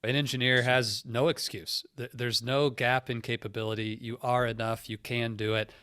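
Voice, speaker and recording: A man's voice: medium pitch, little pitch movement, moderate pace, fairly bright tone, smooth, no room sound, studio quality. A man hosting a podcast interview, earnest and encouraging as he sums up. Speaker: podcast host. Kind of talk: interview host chat.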